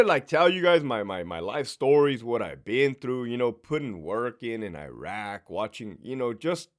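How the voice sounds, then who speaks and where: Profane, animated male storyteller. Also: medium pitch, normal speed, hardly any pauses. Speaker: former prison sergeant telling stories. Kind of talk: casual storytelling monologue.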